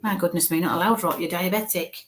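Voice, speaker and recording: A spirit medium with a lowish, steady voice gives a quick-paced live reading to viewers over a slight hiss or hum. She thinks out loud as she passes along what she senses, chatty and comforting, full of "okays" and "bless yous."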